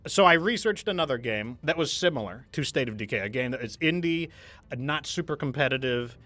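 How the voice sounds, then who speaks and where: A man's voice: medium pitch, lively intonation, brisk, pushed and bright. A man hosting a gaming stream, telling a candid story in a rambling, casual way with frequent restarts.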